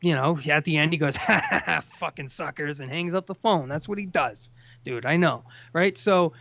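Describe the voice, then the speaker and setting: A man's voice: fairly high pitch, moderate pace, fairly bright tone, dry recording. A man hosting a casual call-in chat, ranting with plenty of profanity. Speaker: host. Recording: dull lo-fi sound.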